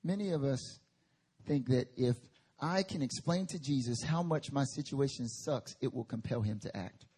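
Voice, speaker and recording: A man's voice: medium pitch, moderate pace, mellow, slightly rough. A male pastor preaching a sermon at a church service, conversational with emphatic bursts.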